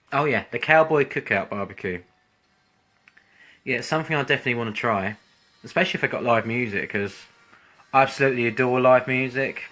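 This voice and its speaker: A man's voice: mid-range voice, pushed and bright. A man rambling chattily on a live stream, with frequent ums and restarts. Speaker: vlogger hosting a live stream.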